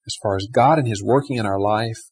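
A man preaching a sermon, swinging between loud emphatic stretches and hushed, quiet asides. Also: on the low side, fast talker, husky. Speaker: pastor.

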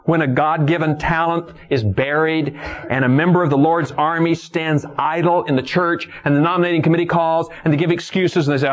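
A man preaching a sermon, repeating phrases for emphasis and moving between soaring exclamations and hushed, low reflection. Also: fairly even intonation, brisk. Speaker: pastor.

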